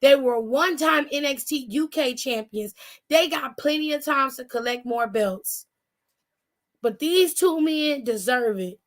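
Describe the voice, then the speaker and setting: A woman's voice: high voice, unhurried. A woman co-hosting a casual wrestling aftershow, sassy and profane, firing off teasing rhetorical questions. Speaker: co-host.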